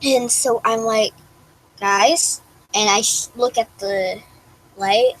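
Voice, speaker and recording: A woman's voice: on the high side, fairly even intonation, a little slow, poor audio. A young woman vlogger rambling through a story to camera in a casual, giggly way, full of restarts and "like".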